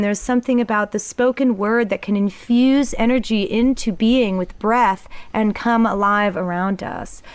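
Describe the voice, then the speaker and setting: A woman talking reflectively about spiritual experiences in a casual conversation, often pausing with ums. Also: medium pitch, fairly even intonation, clear, resonant tone, dry recording. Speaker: guest sharing spiritual experiences.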